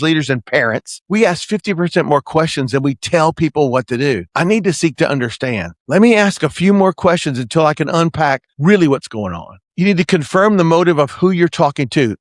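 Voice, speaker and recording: A man's voice: fairly high pitch, dry recording, studio quality. A man hosting a podcast, giving an earnest motivational coaching talk and often checking in with "right?". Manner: earnest, preacher-like, keeps asking "right?". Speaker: podcast host and management consultant.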